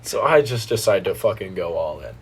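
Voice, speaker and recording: A young American man telling a story in casual podcast chat, animated and swearing freely, jumping into voices of the people in it. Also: low-pitched, brisk, vocal fry, noisy background. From United States. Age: young adult. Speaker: guest.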